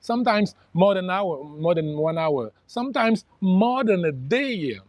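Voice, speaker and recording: A man's voice: high voice, animated, a little slow, no echo, lo-fi sound. A man speaking as a spiritual life coach, talking casually and reflectively to live viewers, with frequent restarts. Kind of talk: casual livestream talk.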